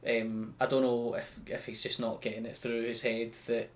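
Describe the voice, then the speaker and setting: A man's voice: mid-range voice, flat delivery, normal speed. A man with a Scottish accent hosting a podcast, recapping a show in a chatty, joking way. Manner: chatty, loose and joking, with many restarts. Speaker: podcast host.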